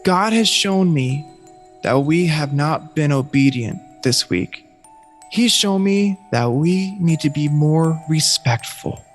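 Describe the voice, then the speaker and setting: A man voicing a bossy eight-year-old boy who orders the other kids around a camp cabin, raised in pitch. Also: animated, slow pace, faint music behind. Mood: solemn.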